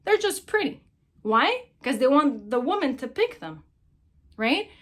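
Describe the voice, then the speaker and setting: A middle-aged woman with a high, bright-pitched voice speaks in a casual, motivational way. She tells stories animatedly, drives her points home by repeating them, and slips into quick acted-out exchanges. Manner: animated storyteller, acts out quoted voices, emphatic repetition. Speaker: relationship speaker.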